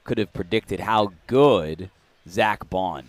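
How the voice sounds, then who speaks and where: A man's voice: fairly low pitch, takes it slowly, no echo. A man interviewing a guest in a casual sports chat, asking conversational follow-up questions. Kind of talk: casual radio row interview.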